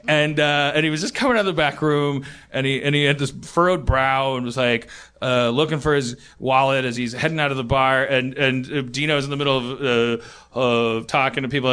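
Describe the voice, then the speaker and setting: A man's voice: medium pitch, a bit bright, smooth. A man hosting a live comedy podcast, telling a story in a rambling way, full of fillers and laughter. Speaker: podcast host. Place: stage before a live audience. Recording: live audience crowd noise.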